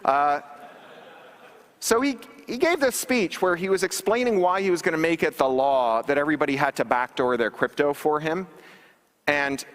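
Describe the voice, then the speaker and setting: A man's voice: on the high side, normal speed, a bit bright. A man giving a conference keynote talk, wry and sarcastic, with frequent ums and restarts. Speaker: conference speaker. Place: large conference hall stage. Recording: long reverb of a large hall.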